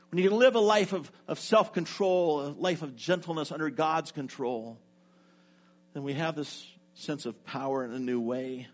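A middle-aged man preaching a sermon, telling a personal story and acting out what each person said. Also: mid-range voice. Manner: lively storyteller who acts out what people said. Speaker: pastor.

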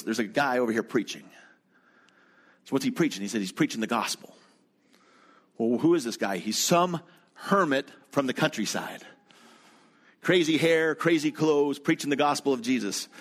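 In a sermon, a male pastor with a mid-range voice shares a story about his travels in a relaxed, conversational style, pausing to speak straight to the people gathered before him.

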